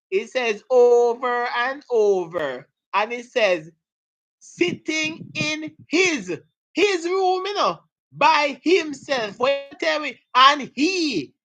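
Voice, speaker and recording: In a rough recording, a woman with a somewhat high, slightly bright voice leads a live exam prep session. She's playful, laughs along with her students, and gets them excited.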